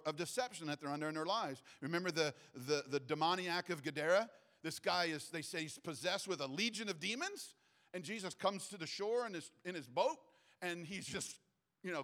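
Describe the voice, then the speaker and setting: A man's voice: on the high side, a bit bright. A middle-aged pastor preaching a sermon in a conversational way, often restarting his phrases.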